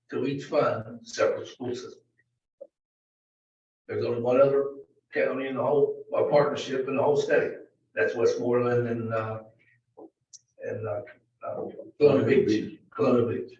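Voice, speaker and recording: A man's voice: mid-range voice, darkish tone, lo-fi sound, slight background noise. Man, echoey distant meeting audio. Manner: halting, many fillers and restarts. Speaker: county administrator presenting a budget. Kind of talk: formal budget presentation to a board. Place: county board meeting room.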